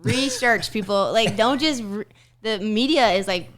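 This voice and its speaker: A woman guest in a casual chat, speaking earnestly and gently correcting the host. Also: mid-range voice, a little slow.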